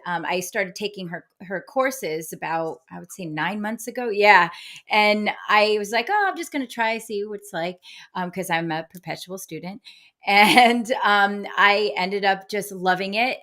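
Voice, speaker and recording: A woman's voice: medium pitch, steady tone, a little slow, pushed and bright. A woman who is a guest medium, chatting cheerfully with many filler words and frequent laughs. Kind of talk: casual interview chat.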